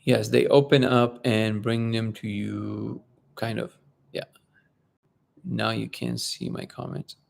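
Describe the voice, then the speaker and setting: A man hosting a casual live-stream talk, speaking haltingly with many restarts and fillers. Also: fairly low pitch, level tone, creaky. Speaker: host of a live discussion stream.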